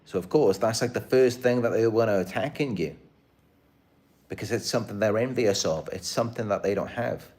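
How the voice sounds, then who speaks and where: A man with a lowish voice speaks straight to his viewers in a loose live-stream monologue. He sounds earnest and aggrieved and circles back over the same points. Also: brisk, darkish tone. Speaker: channel host.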